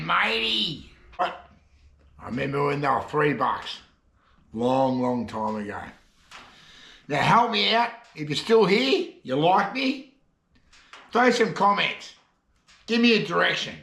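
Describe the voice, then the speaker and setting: Gravelly Australian bloke telling jokes. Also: male voice, fairly high pitch, a bit bright, reverberant. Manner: rambling, chatty joke delivery. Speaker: comedy vlogger. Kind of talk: casual joke telling to camera. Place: shed.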